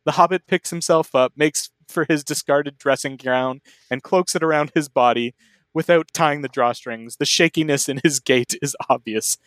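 A man's voice: a little high, normal speed, fairly bright tone, clean tone, no room sound, studio quality. A man reading fan fiction aloud as a comedy podcast host, in a mock-serious style. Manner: mock-serious reading, breaking into laughs and asides.

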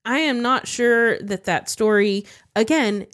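A woman's voice: a little high, slow pace, fairly bright tone, no room sound, clean studio sound. A woman co-hosting a casual talk show, speaking frankly and emphatically with strong opinions. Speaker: podcast co-host. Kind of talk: casual chat.

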